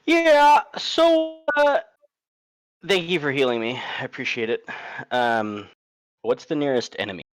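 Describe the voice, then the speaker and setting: A hesitant tabletop game player stalls with fillers before choosing actions. The voice is mid-pitched. It sounds dry and close to the mic. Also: lively intonation, moderate pace, pauses often, fairly bright tone, no echo. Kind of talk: casual play over voice chat.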